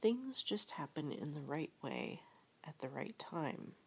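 A woman reading a gentle storybook text aloud in a soft, half-whispered, breathy way. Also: deep voice, very animated, slow pace. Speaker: reader.

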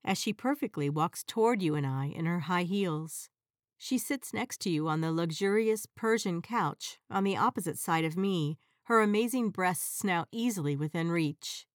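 A woman narrating an erotic audio story in a soft, even, intimate storytelling voice. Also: lowish voice, normal speed, dry recording, clean studio sound.

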